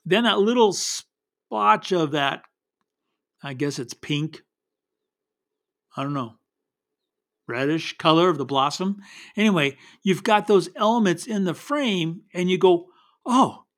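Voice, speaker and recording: A man's voice: high voice, lively intonation, unhurried, pauses often. A man casually teaching wildlife photography in a folksy, meandering way, often restarting his sentences. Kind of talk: casual spoken photography tips.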